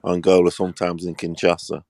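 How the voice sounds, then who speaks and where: A man in casual chat, telling a story at an unhurried pace. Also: deep voice, monotone, creaky, a little mellow, no room sound, clean studio sound. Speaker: panel guest.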